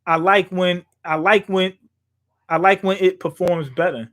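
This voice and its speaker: High-voiced young man chatting loosely. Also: fairly even intonation, a little slow, a bit bright. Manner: loose, profane, thinking aloud with fillers. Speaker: streamer reacting to a manga chapter. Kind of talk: casual live-stream chat. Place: small room at home.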